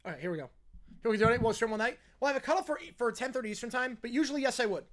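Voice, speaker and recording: A man hosting a live stream, chatting casually and reading out a story. He reacts to it with quick laughs and offhand asides as he goes. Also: very high voice, expressive, fairly bright tone. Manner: chatty, laughs at what he reads.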